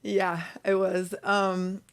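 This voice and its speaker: A woman's voice: mid-range voice, completely flat delivery, drawn-out words, smooth. A woman co-hosting a podcast, telling dating stories in a casual chat, laughing often and swearing a lot. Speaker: podcast co-host.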